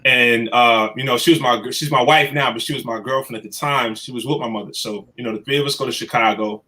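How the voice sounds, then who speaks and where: A man in his thirties telling his life story in a casual chat, animated and emotional. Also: mid-range voice, fast talker. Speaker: guest.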